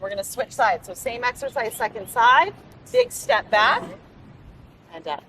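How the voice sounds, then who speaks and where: A woman's voice: fairly high pitch, huge pitch swings, unhurried, pushed and bright. A woman fitness instructor leading a live outdoor workout class on a beach, giving upbeat, encouraging cues. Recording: distant mic outdoors with faint background noise.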